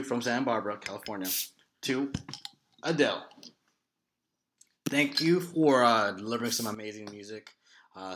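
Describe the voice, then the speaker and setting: A man's voice: on the low side, noisy background. A man co-hosting a casual sports podcast, teasing and mock-dramatic. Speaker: podcast co-host.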